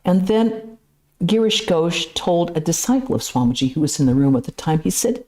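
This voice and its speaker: Low, mellow-voiced woman giving a lecture. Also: normal speed. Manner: lively storytelling with casual asides. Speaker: Vedanta nun giving a temple lecture. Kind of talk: conversational spiritual lecture. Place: temple.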